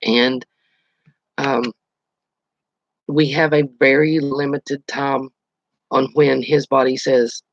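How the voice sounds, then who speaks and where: A man's voice: mid-range voice, level tone, takes it slowly, long pauses, no room sound, muffled recording. A man hosting his own channel, chatting casually on a live stream, telling stories and answering viewer comments. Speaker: channel host.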